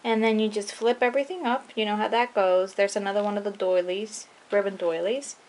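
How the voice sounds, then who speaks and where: A young woman casually walking through her handmade scrapbook album, chatty and relaxed, with frequent ums and trailing-off phrases. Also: medium pitch, fairly quick. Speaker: scrapbooking vlogger. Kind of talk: casual show-and-tell walkthrough.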